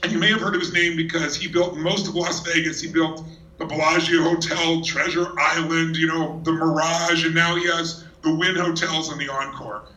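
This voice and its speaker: A man giving a motivational talk on stage to a live audience, telling stories in an energetic, emphatic way. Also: a little high, moderate pace. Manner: energetic storyteller, teasing and emphatic. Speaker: motivational speaker. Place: large hall with a live audience. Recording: echoey hall from far off.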